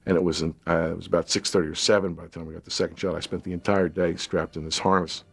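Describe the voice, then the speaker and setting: A man's voice: deep voice, flat delivery, fast talker, gravelly, husky. A man remembering working on a film, telling the story reflectively in a documentary interview. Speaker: actor interviewee.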